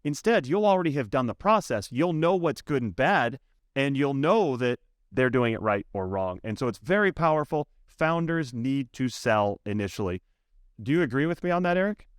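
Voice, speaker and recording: Man, sales coach, podcast guest, emphatic, animated, middle pitch, dry close sound. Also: moderate pace, no room sound. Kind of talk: podcast interview.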